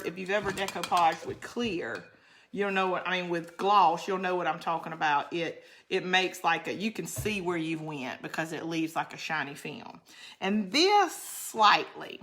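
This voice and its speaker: A bright, forceful voice belongs to a middle-aged woman. She chats loosely and rambles from one thought to the next. She answers her viewers directly as she works on a craft. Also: on the low side, a little hiss or hum. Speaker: craft channel host. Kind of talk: casual livestream craft chat.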